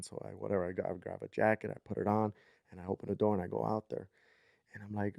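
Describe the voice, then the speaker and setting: A man in his thirties tells a long story on a podcast, rambling and checking in with his listener. His voice sits on the low side. The recording is dry and close. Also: flat delivery, fast talker, vocal fry, a little mellow, no echo. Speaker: podcast co-host. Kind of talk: casual storytelling chat.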